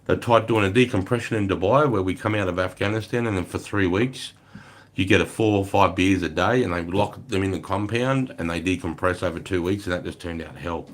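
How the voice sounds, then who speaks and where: A middle-aged man with an Australian accent and a very low voice tells army stories on a casual livestream. He talks bluntly and swears constantly, rambling from one story to the next. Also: brisk. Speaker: livestream host, army veteran.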